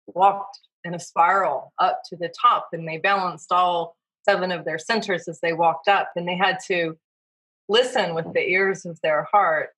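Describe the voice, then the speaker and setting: A woman, a podcast guest and mythology author, talking in a gentle, storytelling way and acting out imagined inner voices. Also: fairly low pitch, rough recording. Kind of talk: storytelling interview talk.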